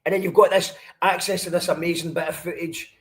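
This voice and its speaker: Halting, fairly high-voiced Scottish man. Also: steady tone, a crowd in the background. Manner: halting, repeats words as he talks. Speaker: podcast host. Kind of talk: casual chat.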